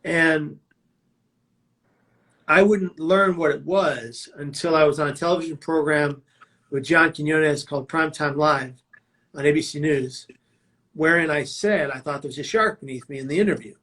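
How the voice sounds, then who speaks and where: A man's voice: on the high side, normal speed, fairly bright tone. Intense man telling his own story. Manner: vivid, dramatic storytelling with emphatic quotes. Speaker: suicide prevention speaker. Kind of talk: personal storytelling talk.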